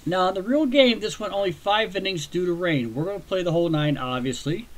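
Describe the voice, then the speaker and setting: A chatty man with a slightly high voice hosts a baseball video game for his viewers. He talks casually, wanders into rambling asides and pokes fun at himself. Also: brisk.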